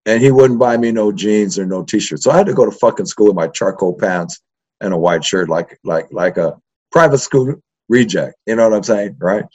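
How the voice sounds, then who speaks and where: On the low side with a breathy edge, this voice moves at a moderate pace. It's an older history professor from East Los Angeles, casually interviewed, recounting profane stories of his youth with animation and steady "right?" tags, in dull lo-fi sound.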